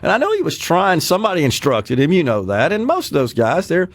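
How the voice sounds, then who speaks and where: A man hosting a radio talk show, chatting casually with an animated manner and frequent laughs, in a studio. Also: on the high side, brisk, dry recording.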